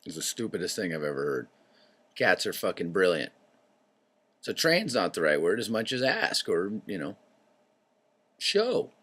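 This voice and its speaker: Deep-voiced man rambling off-topic. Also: very animated, moderate pace, bright, forceful tone. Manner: wandering, tangent-prone, swears freely, clears throat often. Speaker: show host. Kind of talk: rambling casual monologue.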